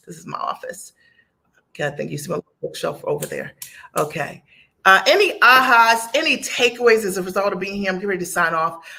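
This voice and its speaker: A woman's voice: on the low side, bright, forceful tone. Middle-aged woman coach, chatty and gushing, talking straight to camera from her home office. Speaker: business coach. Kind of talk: live unboxing video.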